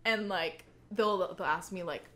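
A woman's voice: medium pitch, unhurried. A young woman in casual chat, telling babysitting stories with lots of fillers, often breaking into laughter. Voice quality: many fillers, giggly, animated storytelling.

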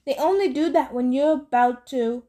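A woman's voice: high-pitched, moderate pace, dark tone, lightly acted. A woman reading aloud and voicing a nervous young satyr who backpedals, hesitant and flustered. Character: nervous young satyr boy, goat-legged friend.

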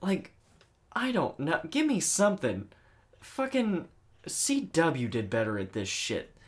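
A woman's voice: low-pitched, sing-song, slow pace. A woman co-hosting a casual podcast, ranting bluntly and swearing about a movie she found baffling. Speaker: podcast co-host reviewing a movie. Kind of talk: casual chat.

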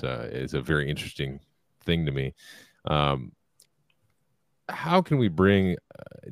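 Super deep voice guy, laid back, asking long rambling questions, dry sound. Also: dry recording. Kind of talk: casual chat.

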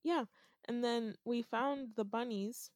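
A woman's voice: a little high, slow pace, no room sound, studio quality. A young woman casually recounting a dream to a friend, often laughing as she tells it. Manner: laughs often, animated storytelling. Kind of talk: casual chat telling a dream.

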